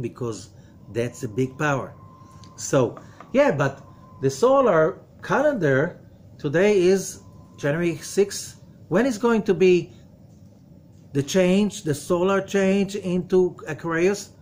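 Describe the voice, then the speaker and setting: Male rabbi-teacher, a touch high-pitched, emphatic lecturer who questions the room and hushes for warnings. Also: a little hiss or hum. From from outside America. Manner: emphatic, full of rhetorical questions; drops to a low, quiet voice for warnings. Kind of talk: lecture to a study group.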